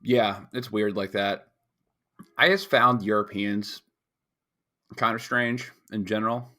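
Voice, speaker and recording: A man's voice: on the low side, takes it slowly, pushed and bright. A man from the United States co-hosting a podcast, chatting casually in a rambling, crude way. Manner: rambling, crude, full of restarts. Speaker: podcast co-host. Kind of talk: casual chat.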